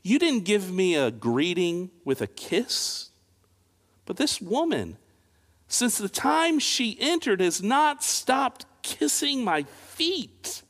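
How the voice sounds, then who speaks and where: A man's voice: high voice, sing-song, slow, a bit bright. A male pastor delivering a sermon with dramatic swings of emphasis and pointed rhetorical questions. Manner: dramatic, rising and falling preaching with rhetorical questions. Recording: long reverb of a large hall.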